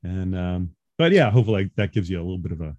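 Guy from long island on a video call, fortyish, lowish voice, dry sound, earnest and explaining, laughs a lot. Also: fast, darkish tone, dry recording, muffled recording. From Long Island, New York. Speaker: guest, adjunct professor. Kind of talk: casual interview talk.

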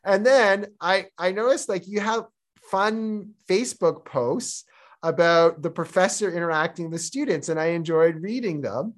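A man in his forties from Toronto, Canada, with a Canadian accent, a podcast guest who tells stories quickly and laughs at himself. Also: high-pitched. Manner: self-deprecating, laughing, quick storytelling. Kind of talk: casual interview chat.

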